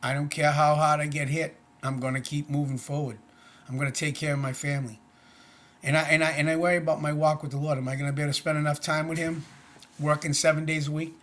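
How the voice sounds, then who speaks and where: A man's voice: a little high, level tone, fast, a bit bright. A middle-aged man talking to camera in a casual personal vlog, earnest, plainspoken and rambling. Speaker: vlogger.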